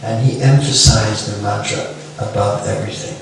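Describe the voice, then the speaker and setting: A middle-aged man gives a devotional lecture full of stories, his lowish voice keeping a fairly even intonation at a moderate pace. Between remarks he softly chants the mantra and puts questions to his listeners. He sounds distant from the mic in a large, echoey room, with a faint hiss.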